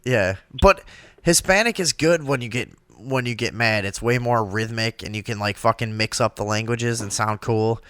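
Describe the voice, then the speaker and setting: A man's voice: lowish voice, moderate pace, a bit bright. A man co-hosting a casual podcast, talking in a laid-back, profane way and laughing often. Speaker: co-host.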